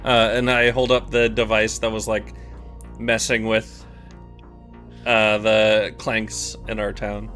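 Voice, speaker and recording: A man at a tabletop game who speaks very slowly and drawls his questions. He stops and restarts as he works out what to say. His voice is bright. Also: fairly low pitch, monotone, soft background music. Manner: drawling, halting. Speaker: player. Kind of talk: tabletop role-play.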